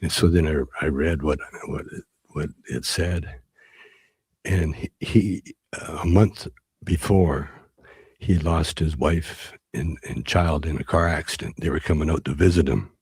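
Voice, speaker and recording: A man with a deep, rough-edged voice tells a long story as a guest in a conversation. He talks haltingly, circling back and restarting his sentences. His voice sounds dry and close. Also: darkish tone, dry recording. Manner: halting, with many restarts and fillers. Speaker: interview guest. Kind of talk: rambling storytelling.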